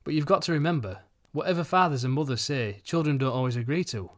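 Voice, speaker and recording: A man's voice: medium pitch, fast talker, voice pushed up, close to an everyday voice. A man doing a drowsy old Yorkshire farmer. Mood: gruff. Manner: gruff, dialect speech.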